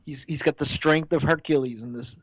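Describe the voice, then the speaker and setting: A man's voice: a little high, steady tone, fairly quick, no room sound. Swearing man co-hosting a lo-fi podcast. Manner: swears a lot, argues his point. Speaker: podcast co-host. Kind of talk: casual chat.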